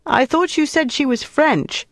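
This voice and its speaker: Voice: medium pitch, very animated, measured pace, a little mellow, no echo, studio quality. A narrator voicing a curious, determined young woman who asks earnestly.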